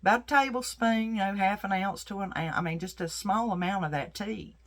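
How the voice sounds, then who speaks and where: A woman's voice: mid-range voice, brisk, a bit bright, pitched above the performer's own voice, lightly acted. A woman puts on a wise old grandmother passing along remedy advice. The grandmother is plain-spoken and reassuring, and her voice stays caring throughout.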